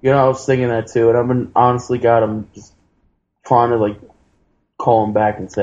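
A man's voice: mid-range voice, level tone, fairly quick, darkish tone, highs cut off. A man co-hosting a casual comedy podcast, brash and swearing a lot.

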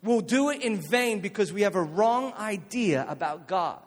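A man preaching a jokey, energetic youth sermon to a live audience in a church hall, calling on listeners to respond. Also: high-pitched, moderate pace. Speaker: youth pastor. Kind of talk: youth sermon with jokes and stories.

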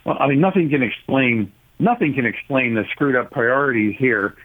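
A man calling in to a talk radio show, arguing forcefully and sardonically about policy. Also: medium pitch, normal speed. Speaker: caller, policy advocate. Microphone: telephone. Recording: tinny phone line.

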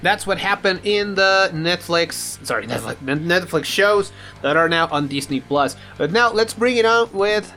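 Bright-voiced host in their thirties. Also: mid-range voice, moderate pace, faint music behind. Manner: animated, leads topics. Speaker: podcast host. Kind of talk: casual chat.

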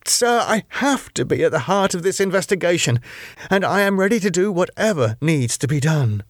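A man performs an earnest young woman police inspector, raising his mid-range voice above its natural pitch into a sing-song delivery at moderate pace. The studio-quality recording has no echo, and the character sounds urgent, defensive, pleading and flustered.

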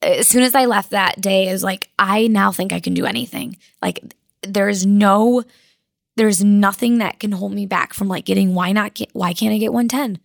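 A woman's voice: mid-range voice, fairly even intonation, normal speed, vocal fry, no echo, studio quality. A young woman athlete being interviewed, telling her story with many "like" fillers, near tears and laughing through it. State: crying. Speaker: weightlifter guest.

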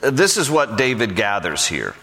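A man's voice: lowish voice, sing-song, unhurried, pushed and bright, in a large hall. A man preaching a Bible study sermon in a conversational way, with frequent fillers and restarts. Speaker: pastor.

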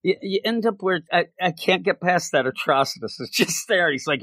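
A man co-hosting a casual comic book podcast, animated and fond of mocking character voices. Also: high voice, brisk, no room sound, studio quality. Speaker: podcast co-host.

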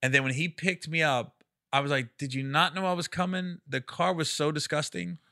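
A man telling stories on a relaxed podcast, with a very bright, cutting tone. He acts out other people's lines by jumping into high, squeaky voices and laughs between them. The sound is dry and close to the mic. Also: moderate pace, creaky, no room sound. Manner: animated storyteller who acts out quotes with high squeals and laughs. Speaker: comedian guest. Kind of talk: casual podcast storytelling.

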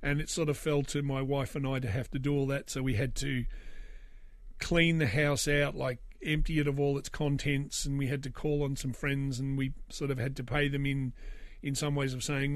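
A man's voice: mid-range voice, flat delivery, normal speed, dry recording. Rambling Australian man in his forties. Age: 40s. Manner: rambling with filler words and restarts, wry asides. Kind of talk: casual storytelling.

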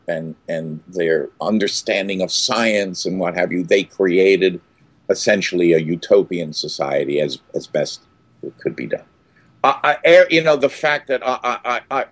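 An older man telling a story as an interview guest, full of halting restarts and loud acted outbursts. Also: fairly low pitch, no room sound.

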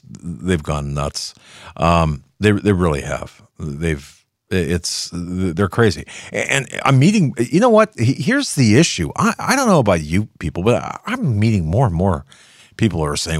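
Deep, sarcastic talk-show man. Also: sing-song, a little slow, no echo, studio quality. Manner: rambling, sarcastic, many restarts. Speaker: political talk show host. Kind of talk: casual opinion monologue.

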